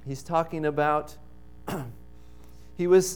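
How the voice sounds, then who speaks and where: A male pastor delivers his sermon at an unhurried, deliberate pace. His voice sits fairly high and comes across smooth and resonant. He leans into phrases with emphatic pauses. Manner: slow, emphatic preaching with dramatic pauses.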